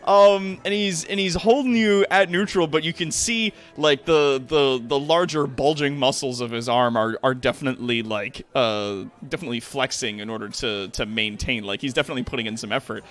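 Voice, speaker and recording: A man's voice: mid-range voice, fairly even intonation, normal speed, hardly any pauses, a bit bright. A man narrating as game master in a tabletop game, rambling with many fillers and restarts.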